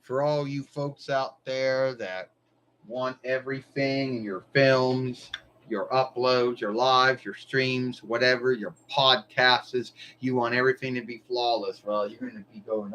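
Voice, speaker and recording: A man's voice: mid-range voice, steady tone, a little slow, bright, forceful tone, a little hiss or hum, low-quality recording. A man hosting a live stream, talking in a loose, meandering way and swearing casually. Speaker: livestream host.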